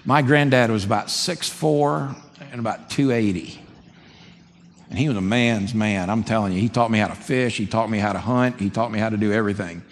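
A man preaching a sermon as a pastor, conversational and animated. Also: fairly low pitch, a little fast. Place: church sanctuary. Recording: long hall reverb, faint background noise.

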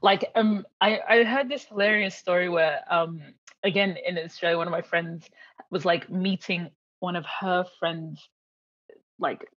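Husky woman on a muffled line. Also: lowish voice, fairly even intonation, unhurried, a bit bright. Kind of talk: casual chat. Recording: dull, muffled sound.

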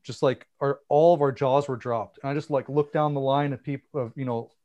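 A man telling an animated tour story in casual chat, swearing and acting out what people said. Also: mid-range voice, brisk, highs cut off.

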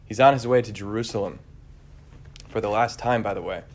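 A man preaching a conversational homily, relaxed and searching, with frequent fillers and restarts. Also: on the low side, a little fast.

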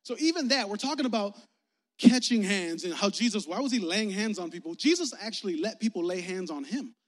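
A man's voice: high voice, animated, fairly quick. A young man preaching a casual, playful sermon as youth pastor, talking with his listeners. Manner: playful, conversational, engaging the audience. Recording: echoey hall.

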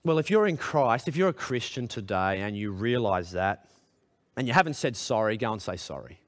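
A man's voice: expressive, moderate pace. A man preaching a sermon to a congregation in a church hall, earnest and direct, putting questions to his listeners. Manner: earnest, direct questions to the congregation, pitch rising when emphatic. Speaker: pastor.

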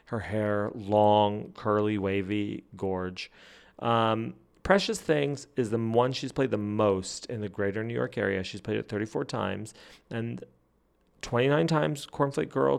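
A man hosting a fan podcast, telling stories and chatting in a gossipy, animated way that breaks into laughs. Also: on the low side, vocal fry. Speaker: podcast host. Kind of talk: casual chat.

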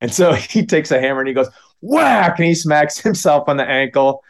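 A man in his fifties from Minneapolis, telling a comic story in a halting, self-deprecating way with many restarts. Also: a little high, animated. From Minneapolis, United States.

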